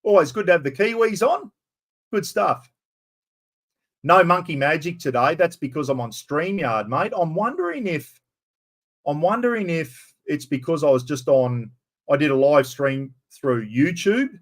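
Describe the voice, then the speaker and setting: Australian male streamer, slightly high voice, loud, rambling and salty-mouthed, casual live chat. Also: lively intonation, unhurried. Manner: loud, rambling, swears freely.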